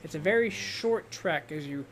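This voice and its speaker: A man narrating as game master of an online tabletop game, halting and relaxed, with fillers. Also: on the high side, slight background noise.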